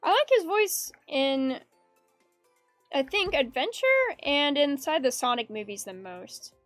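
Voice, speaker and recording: A woman with a high voice chats casually while she draws, rambling and giggling and reading chat messages aloud. Her voice is close and dry, with soft music playing behind it. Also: animated, a little slow, no echo. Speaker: art streamer. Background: faint background music.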